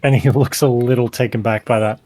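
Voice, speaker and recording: A man's voice: mid-range voice, fairly even intonation, fairly quick, darkish tone. A man narrating casually as the game master of an online tabletop game. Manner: casual, descriptive, laid-back.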